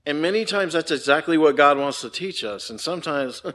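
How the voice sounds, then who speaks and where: An older man preaching a conversational sermon, asking the congregation "right?" often and moving between hushed and emphatic delivery. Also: fairly high pitch, animated, brisk. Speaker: pastor.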